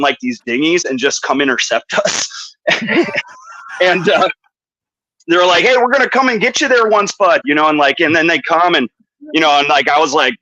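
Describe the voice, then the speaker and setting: A man's voice: fairly high pitch, sharp tone, dry recording, highs cut off. A man from Minnesota hosting a podcast, rambling through anecdotes in casual chat. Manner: rambling anecdotes with put-on voices. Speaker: podcast host.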